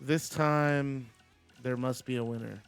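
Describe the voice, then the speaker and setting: A man's voice: medium pitch, steady tone, slow, creaky, clear, resonant tone, soft background music. A man streaming a wrestling video game, giving play-by-play commentary and chatting with viewers in between.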